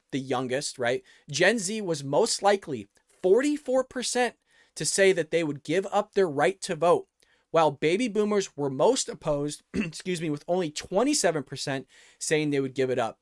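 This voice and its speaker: Earnest male vlog host from the US, slightly high voice, dry close recording. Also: expressive, normal speed, dry recording. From United States. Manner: earnest, repeats words and restarts, addresses viewers as folks. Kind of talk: political commentary vlog.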